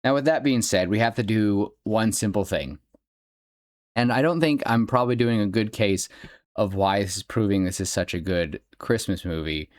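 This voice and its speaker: A man's voice: fairly low pitch, normal speed, no room sound, studio quality. A young man hosting a podcast, rambling happily about a favourite film and laughing as he goes. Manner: gushing, rambling fan talk with laughs. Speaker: podcast host. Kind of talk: casual solo podcast commentary.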